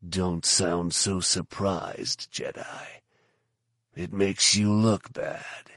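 Male narrator playing a low, slow, dry-spoken bounty hunter, blunt and sardonic. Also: little pitch movement, fairly bright tone, no echo, full character voice. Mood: curt.

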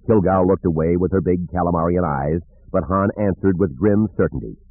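A man narrating an audiobook in an expressive storytelling manner, with a husky voice. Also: sits low, a little fast, hardly any pauses, dry recording. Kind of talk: scripted narration. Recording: narrow phone-like audio.

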